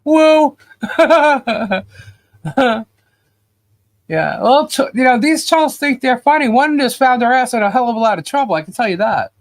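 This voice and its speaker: A woman's voice: a little high, expressive, brisk, few pauses. A woman co-hosting a casual live-stream chat, exasperated and sarcastic, laughing often as she rants. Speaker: podcast co-host.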